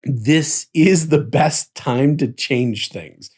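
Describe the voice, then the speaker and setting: A man's voice: mid-range voice, extremely slow, darkish tone, breathy edge. A man co-hosting a casual chat about tabletop role-playing, explaining at length and checking in with "right?" as he goes. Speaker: podcast co-host.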